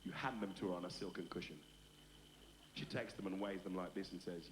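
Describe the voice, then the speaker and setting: A stand-up comedian telling a story on stage and acting out its characters. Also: male voice, low voice, a little fast. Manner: storytelling, acts out lines in voices. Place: live comedy venue. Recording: roomy noisy live tape.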